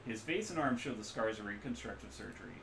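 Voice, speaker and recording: A man's voice: fairly low pitch, lively intonation, quick pace, creaky, noisy background. A man serving as game master, narrating a tabletop role-playing game casually, dropping apologetic asides between scene descriptions. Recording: roomy echo with faint ambience.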